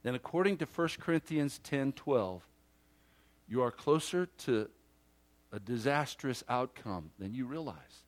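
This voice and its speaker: A male pastor preaching a sermon emphatically, swinging from loud declarations to hushed asides and acting out imagined listeners. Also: mid-range voice, lively intonation, unhurried.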